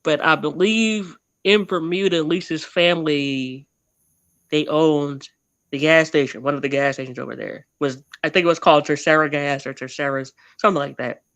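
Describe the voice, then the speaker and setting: A man's voice: fairly high pitch, steady tone, normal speed, fairly bright tone, dry recording. A man telling his family history as a guest in a casual interview, rambling and often correcting himself mid-sentence.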